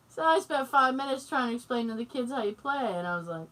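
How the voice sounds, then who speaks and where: A woman in her forties co-hosting a podcast, telling family stories in casual chat, animated, laughing often and swearing freely. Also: high voice, fast, few pauses. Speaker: podcast co-host. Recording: distant mic, noisy.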